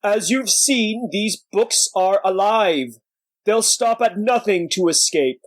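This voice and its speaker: A man voicing a century-old giant warrior monk elder, sad and gruff, speaking slowly and weightily. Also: high voice, no room sound, pitched above the performer's own voice. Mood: solemn. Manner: slow, weighty, sorrowful delivery.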